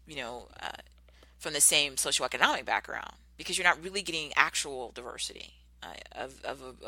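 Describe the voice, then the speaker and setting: A middle-aged woman talks earnestly in a rambling podcast monologue, circling back with fillers and restarts. Her voice sits a little low but has a bright, forward edge. The sound is dry and close. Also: no room sound. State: tearing up, emotional. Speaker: podcast host. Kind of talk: casual monologue.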